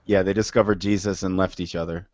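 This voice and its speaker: A man's voice: low-pitched, little pitch movement, quick pace, a little mellow, dry recording. Irreverent joking man, lo-fi sound. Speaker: podcast co-host. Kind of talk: mocking commentary. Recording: dull lo-fi sound.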